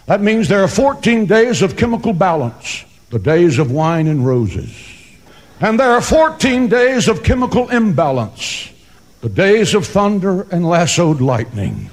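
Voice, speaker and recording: A man preaches a sermon in a high voice that climbs and plunges dramatically as he drives his points home. His delivery is emphatic and theatrical, with quick joke asides. The sound rings with the long reverb of a large hall. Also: big pitch swings. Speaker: pastor.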